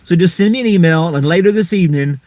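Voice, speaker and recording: A man's voice: sits high, quick pace, darkish tone. A man hosting a casual live stream, rambling in an easygoing way and chuckling often.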